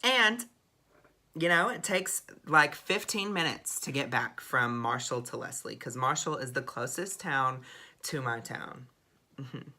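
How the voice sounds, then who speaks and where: A young man telling a dramatic storytime vlog, expressive and swearing freely. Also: medium pitch, a little slow. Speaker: vlogger.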